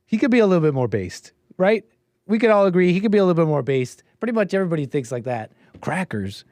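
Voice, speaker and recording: A Canadian-raised man hosts a call-in livestream, giving casual commentary in a rambling, hesitant way full of fillers and restarts. His voice sits high with lively intonation, and he talks fast; the tone is a little mellow and the recording dry.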